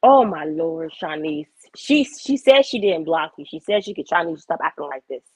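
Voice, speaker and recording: A young woman chatting casually on a livestream, blunt and animated, cursing freely. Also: low voice, moderate pace, breathy edge, no room sound.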